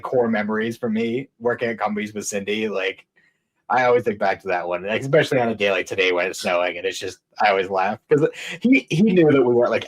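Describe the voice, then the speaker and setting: A young man in casual podcast chat, rambling through a story with plenty of swearing and laughter. His voice sits at an ordinary middle pitch. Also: rough recording. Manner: rambling, profane, laughing often. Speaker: podcast co-host.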